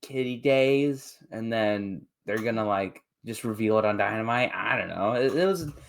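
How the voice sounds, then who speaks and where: A man's voice: fairly low pitch, normal speed. A man co-hosting a podcast, chatting and speculating casually with many "like" fillers. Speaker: podcast co-host. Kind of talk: casual chat.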